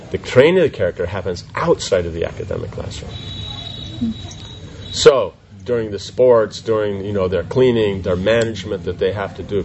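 A man teaching a class in an informal question-and-answer session, animated and full of rhetorical questions. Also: fairly low pitch, a little hiss or hum, poor audio.

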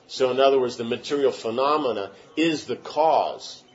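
A man's voice: mid-range voice, moderate pace. Spiritual teacher, male, rambling emphatic lecture, lo-fi muffled sound. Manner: rambling, emphatic, with many restarts. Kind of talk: lecture answering questions.

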